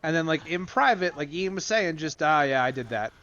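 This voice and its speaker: A man with a slightly higher voice chats casually about comics on a podcast. He retells scenes with lively, put-on voices and a loose, rambling flow. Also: a little fast, muffled recording. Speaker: podcast co-host. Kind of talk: casual comic book discussion.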